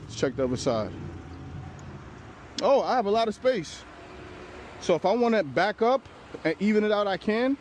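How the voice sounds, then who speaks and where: A man hosting a casual towing vlog, talking his viewers through the job as he works, relaxed and swearing now and then. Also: high-pitched, moderate pace, long pauses. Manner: laid-back, talks to camera while working, swears casually. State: out of breath. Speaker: channel host towing a car. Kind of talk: casual narrated tow vlog. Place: outdoors on a street and inside a pickup truck. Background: faint street and vehicle noise.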